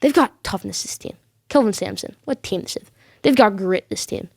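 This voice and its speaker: A woman's voice: mid-range voice, lively intonation, normal speed, vocal fry, darkish tone, slightly rough, no room sound, studio quality. A woman hosting a sports podcast, making emphatic picks and repeating her points for stress. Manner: bold predictions addressed to viewers. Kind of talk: solo sports commentary.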